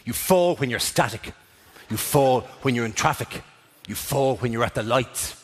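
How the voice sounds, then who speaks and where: A middle-aged man doing stand-up comedy in a big theatre, animated and breaking into sudden shouts. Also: mid-range voice, normal speed. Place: large theatre stage. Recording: reverberant theatre, audience noise.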